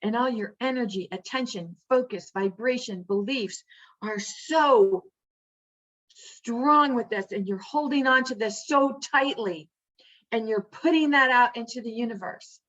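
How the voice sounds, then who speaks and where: Woman, spiritual teacher, earnest, emphatic, high voice, slightly dull sound. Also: measured pace, fairly bright tone. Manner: earnest, emphatic, repeats phrases for stress. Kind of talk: motivational teaching.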